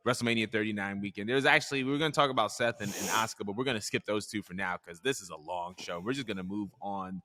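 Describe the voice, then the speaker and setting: Bright-toned man in a reverberant room. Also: on the low side, quick pace, hardly any pauses. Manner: steers the show, reads out the news items. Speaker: podcast co-host. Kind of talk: casual chat.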